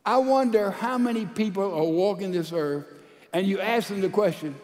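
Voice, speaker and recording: A man, a pastor, preaching a sermon with emphatic swings between loud and soft delivery. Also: high-pitched, moderate pace, long reverb tail.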